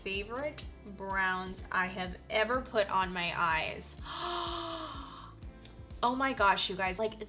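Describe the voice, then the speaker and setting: Woman in her forties, makeup tutorial chat, gushing, bright tone, faint music behind. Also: mid-range voice. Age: 40s. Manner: gushing, animated, exclaims often. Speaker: beauty vlogger.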